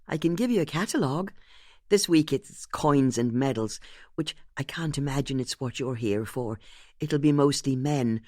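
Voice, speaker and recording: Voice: medium pitch, normal speed, darkish tone, no echo, clean studio sound, natural voice. A narrator voicing a friendly, chatty Irish woman receptionist in her fifties, talking in a conspiratorial way. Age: 50s.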